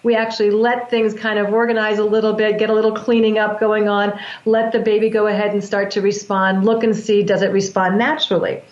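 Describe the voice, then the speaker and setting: A woman's voice: mid-range voice, little pitch movement, brisk, few pauses. A woman guest explaining breath work in an earnest, flowing way, often restarting her sentences. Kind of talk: explanatory interview talk. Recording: roomy, dull lo-fi sound.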